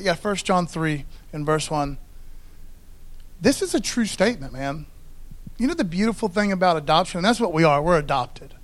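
A man preaching a sermon in a loose, conversational way, often checking in with the congregation. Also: sits high. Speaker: pastor.

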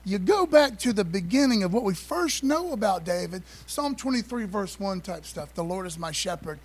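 A man's voice: high-pitched, animated, normal speed. A man preaching a sermon in a church, folksy and conversational, calling for a witness and repeating phrases. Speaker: pastor. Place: church sanctuary.

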